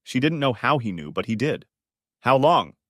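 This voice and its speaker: A man's voice: mid-range voice, big pitch swings, fairly quick, a bit bright, dry recording, clean studio sound. Man reading a dramatic story aloud. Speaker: narrator. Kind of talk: storybook narration.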